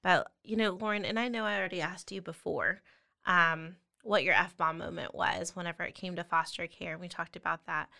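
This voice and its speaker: A woman's voice: lowish voice, steady tone, a little fast, creaky, sharp tone. A woman hosting a podcast, chatting casually and affirming her guest. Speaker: podcast host. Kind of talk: casual interview chat.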